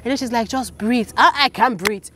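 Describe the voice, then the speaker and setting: Woman, thirties, interview guest, animated storyteller, mid-pitched voice, faint background noise. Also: fairly quick. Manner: animated, acts out quoted voices. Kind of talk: casual storytelling.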